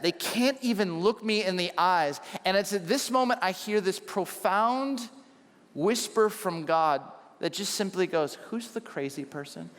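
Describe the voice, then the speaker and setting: High-voiced preacher in a reverberant hall. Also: male voice. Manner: animated storyteller, acts out his own shouting and whispers. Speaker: pastor. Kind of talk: sermon with personal story. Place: large church hall. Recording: long church hall reverb.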